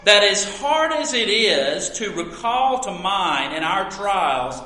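A man preaching a sermon as pastor, earnest and storytelling, with emphatic pauses. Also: high-pitched, sing-song, bright, forceful tone, slight background noise. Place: church sanctuary. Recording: echoey hall with long reverb.

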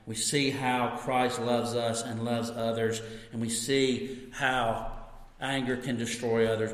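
A man preaching a sermon as pastor, telling a story with lively energy and easing into soft, slow reflection. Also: mid-range voice. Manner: storytelling, animated when recounting, soft and slow on reflective points. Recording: echoey hall.

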